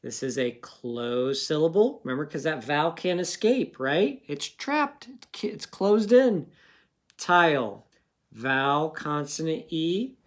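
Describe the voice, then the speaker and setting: Give me a patient male teacher slowly sounding out words in a phonics lesson for young children. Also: on the high side, very animated. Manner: slow, patient, sounding out words and asking questions.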